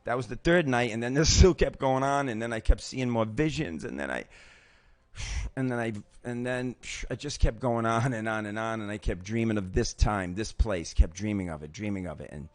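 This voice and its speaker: A man in his sixties with a lowish voice hosts his own show, speaking at normal speed in a dry recording. He gives a personal recovery testimony in an emphatic, pep-talk style, swearing often and restarting his sentences.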